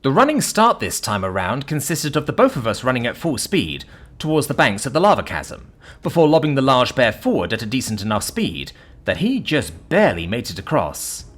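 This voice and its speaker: Male narrator with a husky voice and sweeping intonation, reading a story over faint background music. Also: mid-range voice, fairly quick. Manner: lively, dramatic reading. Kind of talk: first-person story narration.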